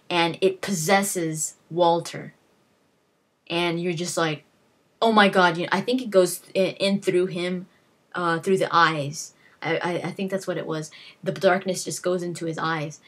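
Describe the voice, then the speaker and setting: A woman's voice: fairly low pitch, a bit bright, husky. A young woman vlogger casually retelling game moments, rambling with many fillers and restarts and acting out what characters said. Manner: rambling, lots of fillers and restarts, acts out quotes. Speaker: gaming vlogger. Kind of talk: casual storytelling.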